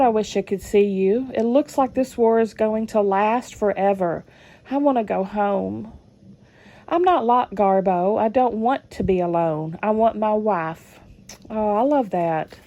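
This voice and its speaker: A woman's voice: mid-range voice, warm tone. A woman, reading old letters aloud and adding chatty comments between them. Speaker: channel host reading family letters.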